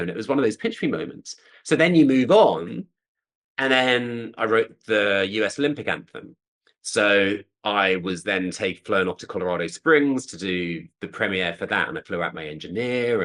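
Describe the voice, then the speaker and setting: A man, a composer, telling lively anecdotes in an interview and acting out quoted voices. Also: low voice. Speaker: composer guest. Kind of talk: conversational interview storytelling.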